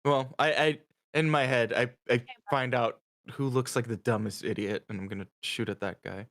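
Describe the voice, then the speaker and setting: A man's voice: mid-range voice, fairly even intonation, normal speed, a bit bright. A man player in a tabletop game, talking casually with stumbles and swearing.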